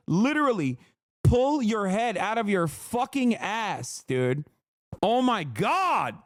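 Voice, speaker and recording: This high-pitched man, in his thirties, is reacting on a livestream and ranting with real heat, full of profanity and mocking impressions. The audio is dry and of studio quality.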